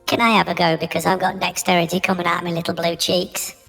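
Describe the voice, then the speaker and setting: Player, woman, strong vocal fry, echoey room sound, faint music. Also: on the low side, level tone, quick pace, fairly bright tone. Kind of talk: casual chat while playing a tabletop game.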